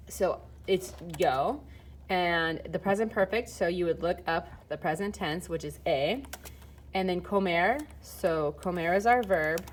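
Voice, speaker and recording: Speaking in a lowish voice, a woman films and types through a casual, step-by-step Spanish grammar lesson, dropping fillers along the way. A little hiss or hum runs under the recording.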